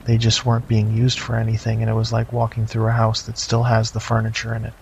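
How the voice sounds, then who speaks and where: A middle-aged man narrating a first-person horror story in a slow, measured, deadpan way. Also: on the low side, creaky. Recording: slightly dull lo-fi, faint noise.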